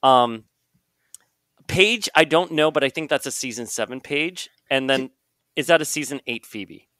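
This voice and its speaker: A man's voice: mid-range voice, a little slow, fairly bright tone, clear, resonant tone, no echo, studio quality. A man hosting a podcast, chatting casually about comics, laughing often and reading comic lines aloud. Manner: apologetic, laughing, reads comic dialogue aloud. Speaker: podcast host.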